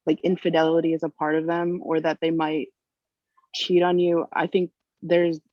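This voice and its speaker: A woman's voice: sits low, little pitch movement, moderate pace, dry recording. A woman guest on a podcast, talking frankly in casual chat and rambling with many "like" and "you know". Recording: muffled lo-fi sound.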